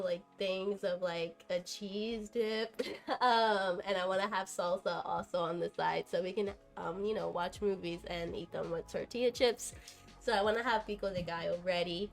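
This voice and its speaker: A young woman streaming live from her home kitchen, chatting casually with lots of fillers and giggles. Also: mid-range voice. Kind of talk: casual live-stream chat while cooking. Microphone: camera on a tripod.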